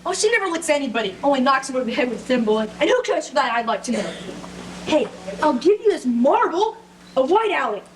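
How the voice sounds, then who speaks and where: A woman's voice: sits high, sing-song, fast talker, crowd noise. A woman playing a cheeky, scheming boy in a stage play, talking others round with sly, playful bargaining. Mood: wheedling. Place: theatre stage. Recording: noisy stage recording.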